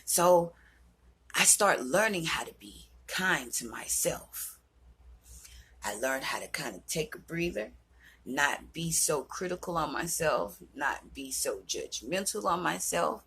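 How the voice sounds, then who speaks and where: A woman's voice: low voice, animated, a little slow, fairly bright tone, breathy edge. A woman in her thirties talking earnestly and heartfelt in a personal vlog, sometimes dropping to a whisper. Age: 30s. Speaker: vlogger. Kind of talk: personal reflective vlog talk.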